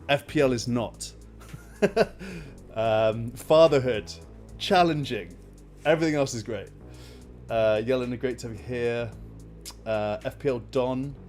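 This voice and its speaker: Hosting a casual live stream, a man with a medium-pitched voice tells an exasperated, animated story. He rambles, packing in plenty of fillers.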